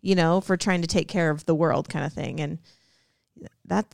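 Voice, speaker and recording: A woman's voice: fairly low pitch, fairly even intonation, normal speed, creaky, darkish tone, no echo, studio quality. A woman chatting casually as a podcast co-host, talking along and mimicking others. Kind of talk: casual chat.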